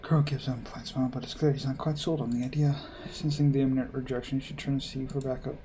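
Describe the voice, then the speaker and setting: A man reading a visual novel aloud and adding wry, deadpan asides. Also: mid-range voice, fast, noisy background. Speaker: gamer playing a visual novel.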